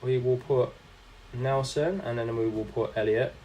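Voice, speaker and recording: A man's voice: medium pitch, steady tone, measured pace, mellow, muffled recording, a little hiss or hum. A young man, chatting casually while commentating his own game on a live stream and answering viewers. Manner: chatty, reacting to the game and reading chat aloud.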